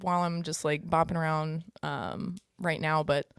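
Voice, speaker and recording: Brief: young American woman, podcast co-host, playful and teasing, slightly low voice, dry studio sound. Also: steady tone, normal speed, creaky, clean tone, dry recording. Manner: playful, teasing, lots of fillers. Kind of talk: casual chat.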